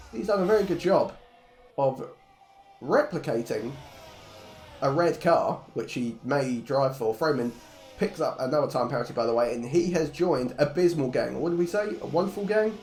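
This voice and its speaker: A man's voice: a little high, darkish tone. A man commentating a live sim race stream in a jokey, blunt way, swearing freely. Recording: roomy echo, faint music behind.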